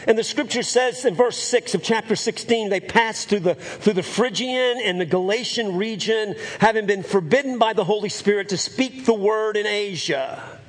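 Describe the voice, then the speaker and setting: High husky-voiced pastor preaching. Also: male voice, moderate pace, hardly any pauses. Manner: earnest, repeats phrases for emphasis. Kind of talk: sermon.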